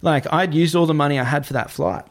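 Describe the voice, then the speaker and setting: A man, a podcast guest telling a story in a casual, animated way, often swearing and repeating himself. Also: fairly high pitch, fast talker. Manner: animated, repetitive, swears freely.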